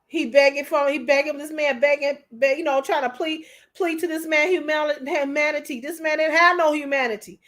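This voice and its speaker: Emotional, preachy high-voiced woman. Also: steady tone, fairly quick, hardly any pauses, a bit bright. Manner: preachy, repeats herself, calls listeners honey. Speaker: commentator. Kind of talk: emotional commentary.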